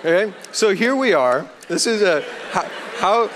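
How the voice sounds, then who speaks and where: A young man, a student chaplain, speaking from the stage in a university chapel and telling a personal story with animated energy. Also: high-pitched, measured pace, noisy background. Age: young adult. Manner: animated storyteller, acts out his own panic. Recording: long hall reverb.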